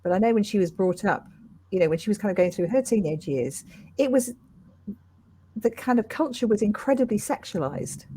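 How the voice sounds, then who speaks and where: A woman's voice: medium pitch, warm tone, slight background noise. A woman in her fifties hosting an interview, talking in a thoughtful, reflective way and often agreeing with her guest. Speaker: interview host. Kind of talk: casual interview chat.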